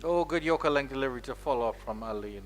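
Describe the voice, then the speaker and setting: A man with a Caribbean accent giving live, playful ball-by-ball cricket commentary, his voice climbing high when the ball runs to the boundary. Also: fast talker, a little hiss or hum. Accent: Caribbean English. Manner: playful, rises sharply on boundaries.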